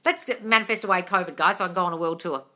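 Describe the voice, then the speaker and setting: A woman's voice: lowish voice, very fast, pushed and bright. A woman hosting a casual live-stream Q&A on her phone, chatting freely, swearing and calling her viewers darling. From England. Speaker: host.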